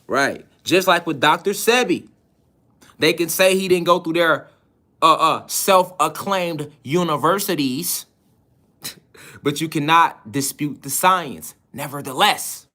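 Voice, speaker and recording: A man's voice: on the high side, slow, bright, forceful tone. A man giving a preachy spiritual lecture online, insistent and emphatic, who keeps firing rhetorical questions at his listeners.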